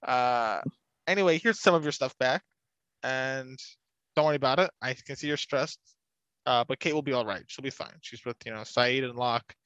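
Young male co-host, chatty and rambling, mid-pitch, dry close recording. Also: moderate pace, fairly bright tone, smooth, no room sound, highs cut off. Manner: chatty, laughs often, rambling asides. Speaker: podcast co-host recapping a TV show. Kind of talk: casual chat.

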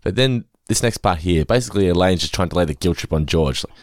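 Male podcast co-host, quick, lively delivery, low-ish voice, dry booth sound. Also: dry recording. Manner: animated, quotes lines in put-on voices. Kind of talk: casual chat recapping a sitcom episode.

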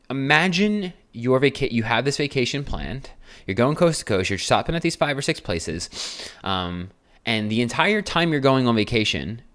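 A man's voice: medium pitch, fairly bright tone, smooth. A man from New Jersey, a coach hosting a podcast, talking in a casual monologue that is emphatic and repetitive, with frequent swearing and rhetorical questions. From New Jersey, USA.

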